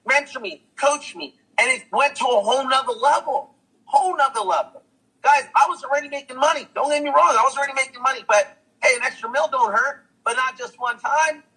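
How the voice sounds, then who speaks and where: Man, high husky voice, excitable motivational testimonial, repeats himself, talks straight to camera. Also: quick pace, poor audio. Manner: hyped, repetitive, preachy, says "guys" and "guess what" a lot. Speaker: testimonial speaker.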